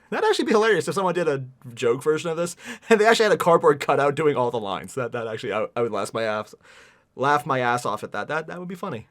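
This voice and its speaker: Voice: mid-range voice, sing-song, fast. A livestreamer reading a novel aloud and mocking it with sarcastic, exasperated commentary, swearing and sighing often. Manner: sighs often between passages. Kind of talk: sarcastic running commentary on a book.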